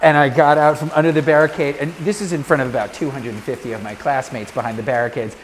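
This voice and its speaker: A middle-aged man telling a story as a talk show guest, animated and acting out the voices of the people in it. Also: mid-range voice, fast talker, a little hiss or hum.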